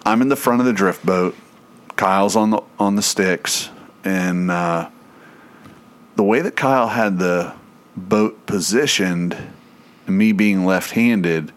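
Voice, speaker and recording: A man's voice: sits low, slow pace. A man telling a story in casual chat, swearing freely and laughing as he goes. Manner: profane, animated, laughs through his own story.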